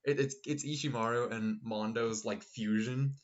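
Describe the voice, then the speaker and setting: A man's voice: mid-range voice, steady tone, normal speed, highs cut off. A man streaming a video game, chatting casually, joking and reading lines aloud. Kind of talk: casual let's-play commentary. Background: game music.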